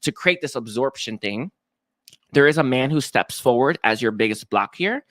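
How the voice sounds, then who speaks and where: A man's voice: mid-range voice, animated, moderate pace, fairly bright tone, dry recording, clean studio sound. A man giving a live-streamed psychic reading, talking with many fillers and restarts. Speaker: psychic reader.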